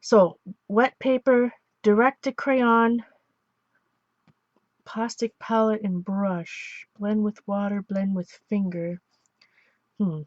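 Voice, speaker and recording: A woman's voice: medium pitch, fairly even intonation, slow, pauses often, a little mellow, no echo, lo-fi sound. A woman from Ontario chatting casually and rambling while she works on an art journal page, laughing often and correcting herself. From Ontario, Canada. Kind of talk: casual chat while crafting.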